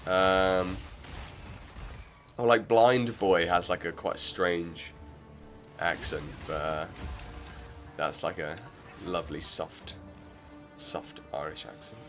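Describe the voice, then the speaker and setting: A man's voice: low-pitched, fairly even intonation, takes it slowly, pauses often, fairly bright tone, soft background music. A man streaming a game, chatting casually and rambling with lots of filler words. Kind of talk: casual gameplay commentary.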